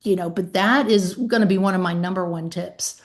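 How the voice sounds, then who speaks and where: A woman's voice: on the low side, moderate pace. A woman hosting a podcast in casual conversation, speaking emphatically and acting out calls with claimants. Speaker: podcast host and author.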